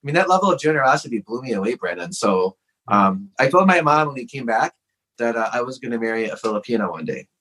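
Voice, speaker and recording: A man's voice: medium pitch, expressive, quick pace, sharp tone, rough recording. A man as a podcast guest, telling a personal story in a frank, earnest way with lots of casual "like" fillers.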